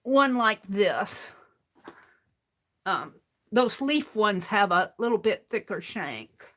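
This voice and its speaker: On her craft stream, a woman talks through cleaning out a paint bottle in a meandering way, breaking off and restarting lines as her hands keep working. Her mid-range voice is very animated and a bit bright, though her pace is slow.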